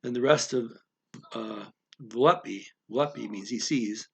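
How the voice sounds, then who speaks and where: Guy breaking down a story word by word, slow and a bit raspy, lots of uhs. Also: mid-range voice, a bit bright. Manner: slow, thinking aloud, frequent fillers. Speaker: language teacher. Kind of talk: explaining word by word.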